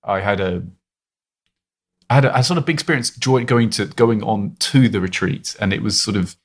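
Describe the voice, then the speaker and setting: A man hosting a podcast interview, talking in a rambling, expressive way with many restarts. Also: fairly low pitch, normal speed. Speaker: podcast host. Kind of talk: casual podcast conversation.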